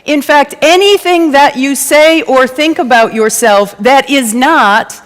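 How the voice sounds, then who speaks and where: A woman's voice: high voice, takes it slowly, few pauses, long reverb tail. A woman giving a conversational, playful sermon to a congregation and asking them to answer back. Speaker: guest speaker at a church service. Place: church sanctuary before a congregation.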